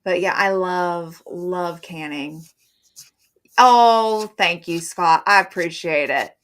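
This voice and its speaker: Middle-aged woman, live-stream host, slightly low voice, rambly and chatty delivery. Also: takes it slowly, a bit bright. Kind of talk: casual live-stream chat.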